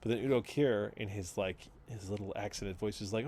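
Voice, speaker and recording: A man's voice: lowish voice, brisk, a little mellow, slight background noise. A man co-hosting a podcast in casual chat, telling a rambling story with frequent laughs and casual swearing. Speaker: podcast co-host.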